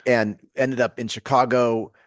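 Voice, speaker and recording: A man's voice: medium pitch, little pitch movement, measured pace, no room sound, studio quality. A man with a Southern US accent, a podcast guest telling his story in a wry, easygoing way. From Atlanta, USA. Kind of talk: casual podcast conversation.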